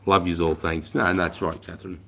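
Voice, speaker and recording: An Australian man in his forties, chatting casually on a livestream, blunt and rambling, swearing freely, calling everyone mate, and often trailing off quietly. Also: sits low, flat delivery, fairly quick, gravelly, a little hiss or hum. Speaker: livestream host.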